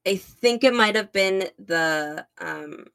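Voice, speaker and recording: A woman's voice: medium pitch, slow, creaky, a bit bright. Young woman co-host, casual fan chat, rambling and filler-heavy. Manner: rambling, many fillers, searching for words. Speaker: podcast co-host.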